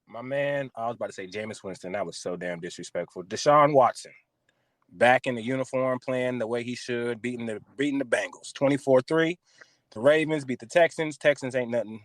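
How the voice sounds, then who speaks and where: Medium-pitched and recorded with no room sound, this male podcast host from the US West Coast rants about football. He's animated and profane, swearing often in casual sports chat.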